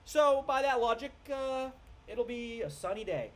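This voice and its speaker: A man's voice: very high-pitched, expressive, unhurried, pitched above the performer's own voice. A man mocking an overconfident male meteorologist with shaky logic, in a raised voice. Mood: smug.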